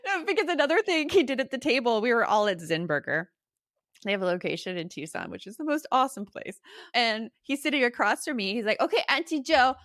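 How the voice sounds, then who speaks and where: A middle-aged woman, a podcast guest and parenting author, chatting casually and telling animated stories, laughing often and acting out quotes. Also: a little high, brisk, no echo, clean studio sound.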